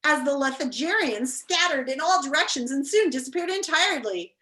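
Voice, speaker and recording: A woman teacher reading a children's book aloud to her class on a video call, in an expressive, animated way. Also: high voice, normal speed. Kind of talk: storybook read-aloud.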